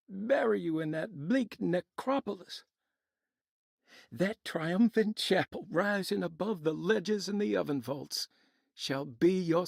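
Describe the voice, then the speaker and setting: Gravelly, haunted diarist. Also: male voice, high-pitched, dry recording, studio quality, exaggerated voice. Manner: mournful, ornate old-fashioned diction. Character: haunted, tormented man reciting a poetic diary. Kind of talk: video game voice acting.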